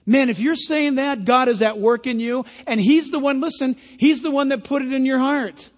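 A man's voice: very high-pitched, moderate pace. A male pastor preaching a sermon in a church, earnest and emphatic, putting direct questions to the congregation. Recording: long hall reverb.

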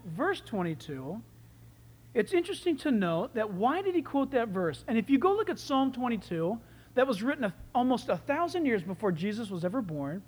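A man preaching a sermon in an animated, enthusiastic way, his loudness swinging from soft to loud. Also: extremely high pitch, big-room sound.

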